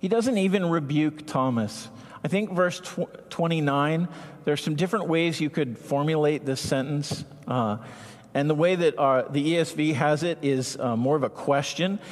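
A man preaching a sermon as a pastor, earnest and emphatic, slowing down to stress key words. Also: on the high side. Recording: long hall reverb.

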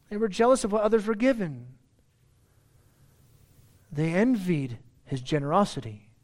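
A man's voice: sits high, animated, a little slow, pauses often. A man preaching a sermon in a loose, conversational way, trailing off into restarts and repeated words. When he drives a point home he pushes his voice up and out, then settles back down. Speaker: pastor.

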